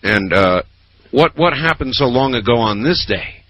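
A man's voice: medium pitch, a little slow, muffled recording, a little hiss or hum. A man hosting a late-night call-in radio show, chatting easily with callers. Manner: relaxed, chatty, lively phrasing. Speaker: radio talk show host.

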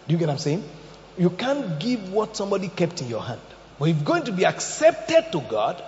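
A male preacher with a high, lively voice that swoops up and down as he tells stories and quizzes his congregation. His sermon echoes through a large hall with a long reverb, and the sound is slightly dull. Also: a little hiss or hum. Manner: animated storytelling, asks the congregation questions.

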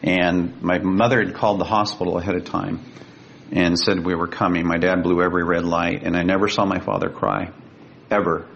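Deep gravelly older man telling a story. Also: level tone, fairly bright tone. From California. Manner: earnest, emotional, slows down for quoted speech. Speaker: guest. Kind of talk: personal storytelling. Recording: dull lo-fi sound with faint rumble.

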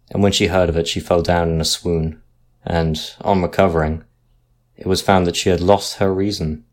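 Low-voiced guy reading a spooky sea tale, slow and dramatic. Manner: measured, dramatic storytelling. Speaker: narrator. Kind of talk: scripted narration of a ghost story.

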